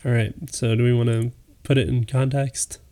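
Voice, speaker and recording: A woman's voice: a bass voice, level tone, normal speed, dark tone. A woman co-hosting a faith podcast, easygoing and encouraging as she steers the talk. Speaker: podcast co-host. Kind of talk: casual chat.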